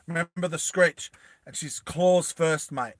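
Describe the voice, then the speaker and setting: A man casually telling a story to his live chat, animated, laughing often and acting out the characters. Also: a little high, unhurried, no room sound.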